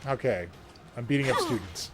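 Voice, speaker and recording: A man's voice: medium pitch, expressive, fairly quick. A man casually commenting on his gameplay, joking and swearing freely. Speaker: let's play gamer.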